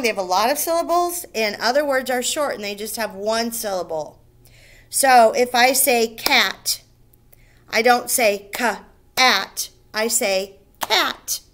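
A woman teaching first graders a recorded lesson on syllables, slow and patient, stretching out each word so the children can hear the beats. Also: fairly high pitch. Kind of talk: recorded remote phonics lesson.

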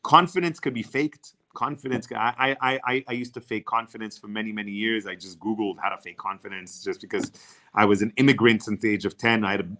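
A man whose first language is not English gives energetic networking advice over a video call. He often repeats words as he starts sentences. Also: fairly low pitch, fast. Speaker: networking guest speaker.

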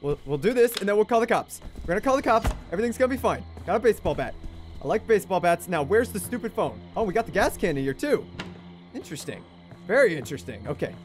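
A young man narrates his horror game run with an excitable, jokey energy, often repeating his exclamations. His voice sits very high and swings up and down, with faint game music playing behind him. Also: fast. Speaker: gaming YouTuber. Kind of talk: gameplay commentary.

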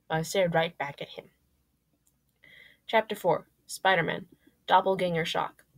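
A woman reading her first-person fan fiction aloud, lively and jumping up on exclamations. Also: on the low side.

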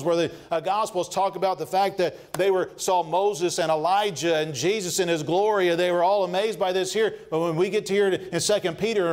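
A male pastor delivers an earnest sermon, frequently pausing with fillers and restarting phrases. He slows down to linger on scripture quotes, and his voice sits high.

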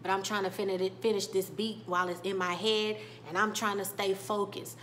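A woman's voice: medium pitch, level tone, normal speed, a bit bright, slight background noise, lightly acted. A woman voicing an earnest, focused young male music producer.

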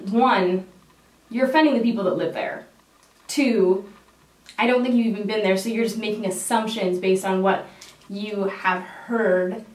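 A young woman vlogger telling a story in casual chat while doing her makeup, swearing freely. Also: mid-range voice. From Canada. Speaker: beauty vlogger. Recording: roomy echo from a distant mic.

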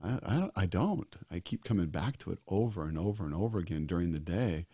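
A man's voice: deep voice, lively intonation, fast talker, mellow, breathy edge, no room sound, studio quality. A man in his sixties, a disaster doctor as a guest, talking earnestly and emphatically and repeating his key phrases. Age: 60s. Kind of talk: earnest interview talk.

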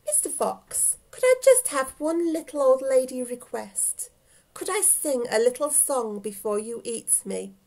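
A woman reading aloud voices a cheerful, polite little old lady in a storybook tale, in a gentle, fond manner. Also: sits high, animated, unhurried, pitched above the performer's own voice, exaggerated voice. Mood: sweetly polite.

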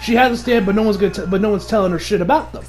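A man giving a casual, animated episode recap, often laughing and acting out the characters' lines. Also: high-pitched, racing, faint music behind. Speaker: anime reviewer.

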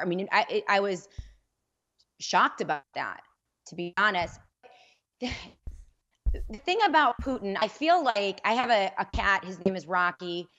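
A woman's voice: medium pitch, a bit bright, highs cut off. A woman radio host speaking as a guest on a political talk panel, candid and conversational. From New York. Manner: candid, conversational, builds loose analogies. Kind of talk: panel discussion.

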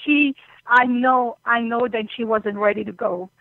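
A woman calling in to a radio show, crying and halting, often apologizing as she talks about a loss. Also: fairly high pitch, steady tone, no echo. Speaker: caller. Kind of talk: call-in phone conversation. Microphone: telephone. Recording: tinny phone line.

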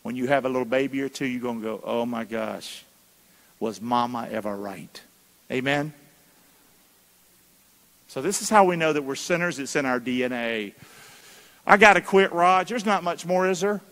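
A man's voice: medium pitch, normal speed, pauses often, a bit bright. A man preaching a sermon as pastor, calling for answers from the congregation in a folksy, emphatic way. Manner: call-and-response preaching, asks the congregation to answer; folksy, emphatic delivery with colloquial asides. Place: church sanctuary. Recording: long reverb of a church hall.

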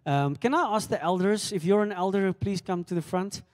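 High-voiced South African pastor, echoey hall. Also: male voice. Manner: halting, filler-heavy, self-deprecating jokes. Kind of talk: church welcome and announcements. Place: church hall service. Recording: echoey church hall with long reverb.

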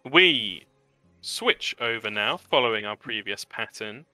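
Male game master, super bright clear voice, vivid descriptions, lots of ums. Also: fairly low pitch, animated, unhurried, no room sound, faint music behind. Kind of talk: narrating a tabletop game.

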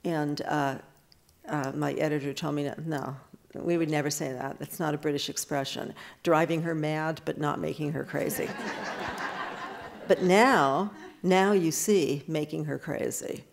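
Older american lady, low gravelly voice, talking casually with the crowd at a book event. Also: steady tone. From United States. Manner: chatty, with frequent restarts and quick asides. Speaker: author answering audience questions.

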